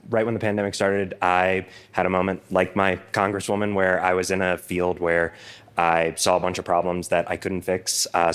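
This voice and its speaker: A very deep, smooth male voice speaking from a live show audience. He talks hesitantly, with many fillers. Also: fairly bright tone. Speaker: audience member.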